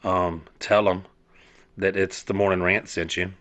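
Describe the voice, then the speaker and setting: This podcast host from South Georgia has a deep, fairly bright voice and speaks at a level, somewhat slow pace. His casual monologue wanders, peppered with curses, fillers, and false starts.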